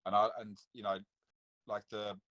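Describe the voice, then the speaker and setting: A man with an English accent and a slightly low voice speaks with conviction, pressing his points home. He keeps checking in with "you know what I mean" as he talks. His delivery is casual and earnest. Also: little pitch movement, moderate pace, fairly bright tone, dull audio. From England. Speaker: guest. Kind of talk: casual chat.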